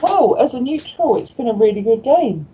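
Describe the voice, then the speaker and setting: A woman co-hosting a live baseball chat show, dry and tired, quick to correct others. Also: a little high, lively intonation, dark tone, lo-fi sound, a little hiss or hum. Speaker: co-host.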